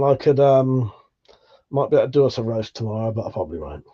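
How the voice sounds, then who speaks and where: A man's voice: mid-range voice, animated, quick pace, mellow. Laid-back British man, dull lo-fi audio. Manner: laid-back, swears freely, chuckles often. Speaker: livestream host. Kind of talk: casual live chat, reading out viewer comments.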